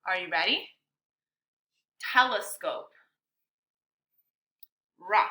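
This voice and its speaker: A woman teacher leading a bilingual science lesson for children, speaking slowly and clearly with an encouraging classroom manner. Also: medium pitch, animated, bright, forceful tone.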